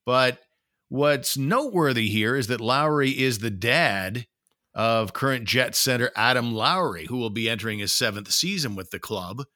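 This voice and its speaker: Bright, dry-sounding man talking hockey. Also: mid-range voice, expressive, moderate pace, no echo. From Canada. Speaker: podcast co-host. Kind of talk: casual sports talk.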